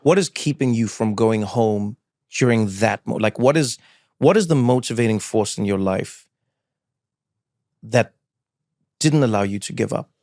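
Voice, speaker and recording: A man's voice: on the low side, measured pace, long pauses, a little mellow, no echo, clean studio sound. A man hosting an interview, asking curious, probing questions. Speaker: host. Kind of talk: interview chat.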